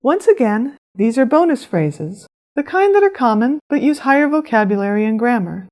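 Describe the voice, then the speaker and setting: A woman narrating a scripted language lesson, explaining phrases clearly and pronouncing them with care. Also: on the high side, big pitch swings, darkish tone. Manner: clear, measured instruction with careful pronunciation. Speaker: language teacher.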